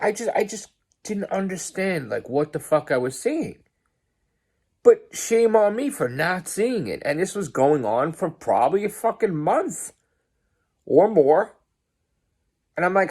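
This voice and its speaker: Swearing, agitated man ranting. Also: fairly high pitch. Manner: swears heavily, grows agitated and loud. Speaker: podcast host. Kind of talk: angry rant to camera. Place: pizzeria, on a work break.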